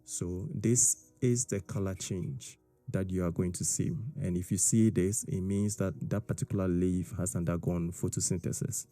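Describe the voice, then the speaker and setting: Male teacher, deep and dry close voice, patient step-by-step explainer, faint music behind. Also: moderate pace, dry recording. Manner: steady explaining, with frequent "all right?" and "okay?" checks. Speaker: science teacher. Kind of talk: explaining a lesson.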